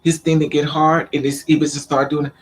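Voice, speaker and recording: A man with a slightly raised voice tells a personal story to the camera in a loose, casual vlog. He talks in an animated way, stumbles into repeats and acts out the other people's lines as he goes. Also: a little high, a little fast. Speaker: vlogger.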